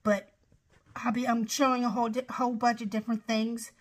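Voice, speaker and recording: A woman's voice: a little high, level tone, a little fast. A middle-aged woman from Ohio gives a casual, rambling show-and-tell of her craft project, with apologetic asides. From Ohio, USA. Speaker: craft vlogger.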